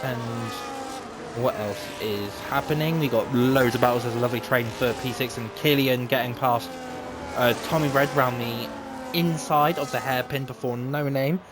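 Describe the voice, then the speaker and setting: A man giving chatty live commentary on an online racing league, talking in quick bursts. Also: mid-range voice, very noisy. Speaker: race commentator.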